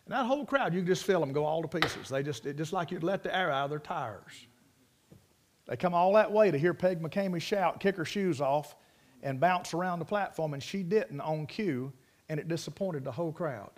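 A preacher man with a high voice, telling stories in a folksy, rambling way from the pulpit. He talks plainly and drifts between anecdote and scripture. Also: expressive, normal speed. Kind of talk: sermon with storytelling.

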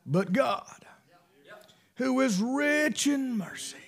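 A middle-aged man preaching a sermon, fervent, swinging between loud bursts and hushed asides. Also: extremely high pitch, animated, very slow, gravelly.

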